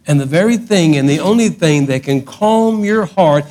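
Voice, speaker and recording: A middle-aged man preaching a sermon, swinging from loud emphatic outbursts to hushed lines. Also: a little high, animated, moderate pace. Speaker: pastor.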